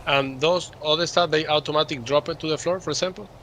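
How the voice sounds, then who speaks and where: Fast-talking gravelly man gaming. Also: fairly high pitch, steady tone, fairly bright tone, slight background noise, poor audio. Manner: thinks aloud, restarts sentences. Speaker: gamer. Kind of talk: casual chat while gaming.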